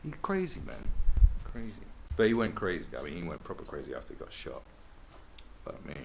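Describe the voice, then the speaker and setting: A man's voice: low voice, sing-song, brisk, creaky, a little hiss or hum, rough recording. A man hosting a podcast, telling rambling, sweary stories in a casual monologue.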